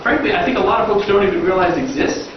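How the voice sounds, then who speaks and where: A man with a slightly higher voice opens a public meeting in a relaxed, chatty way, full of "uh"s. He sounds far from the mic in a big, echoing chamber, with dull sound and a steady hiss behind him. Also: fast. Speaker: governor chairing a council meeting. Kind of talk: informal opening remarks at a public meeting. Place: large council chamber.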